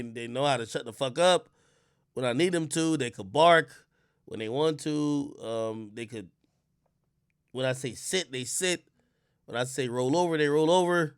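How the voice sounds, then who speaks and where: A man from Jamaica talking casually on his livestream, telling stories with loud outbursts and quiet mutters, and swearing a lot. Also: fairly high pitch, smooth, no room sound, clean studio sound. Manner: animated storytelling, swings between loud outbursts and mutters; swears often. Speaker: livestream host.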